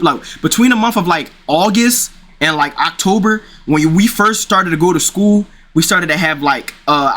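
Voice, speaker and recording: A man's voice: on the high side, pushed and bright. A young man casually telling a rambling personal story, full of slang and restarts. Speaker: streamer.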